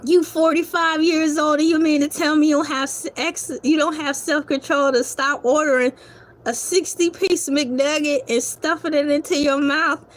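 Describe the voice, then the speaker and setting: A woman, hosting a casual comic rant and joking, laughing and animated as she talks to viewers. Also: high-pitched, normal speed. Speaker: host.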